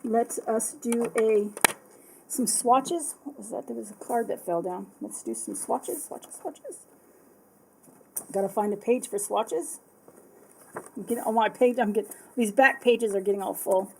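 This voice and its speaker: A bubbly, excitable woman chatting casually as she unboxes art supplies, often apologizing. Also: fairly high pitch, moderate pace, gravelly, a little hiss or hum, rough recording. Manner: reads product text aloud.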